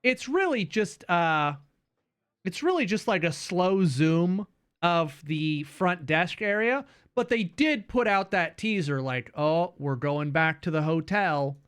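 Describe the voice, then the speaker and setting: Animated, high-pitched male streamer. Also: slow pace, smooth. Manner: animated, swears, laughs often. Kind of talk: casual gameplay commentary.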